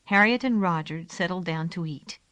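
A woman narrating a children's storybook in a calm, gentle way. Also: on the low side, moderate pace, clean tone, no echo. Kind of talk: storybook reading.

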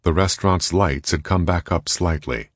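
Man, very low voice, dry close recording, measured audiobook narration. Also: no echo. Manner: even, measured reading. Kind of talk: scripted narration.

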